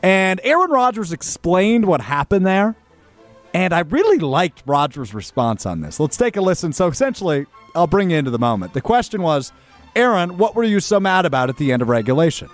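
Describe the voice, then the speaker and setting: A man hosting a sports talk show in a raised, lively voice that swings up and down as he argues his point. He sounds emphatic and conversational, with a little music faintly underneath. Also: sits high, a little fast. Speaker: sports radio host. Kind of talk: opinionated sports radio talk.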